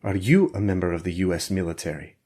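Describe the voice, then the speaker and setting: A man voicing a calm male interrogator who speaks softly and reassuringly, like a concerned parent. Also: low-pitched, fast. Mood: pressing. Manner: soft, reassuring, coaxing.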